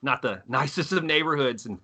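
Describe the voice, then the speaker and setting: A man in his thirties from Texas, telling stories on a podcast, profane and animated as he acts out quotes. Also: medium pitch, a little fast. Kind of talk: casual storytelling chat.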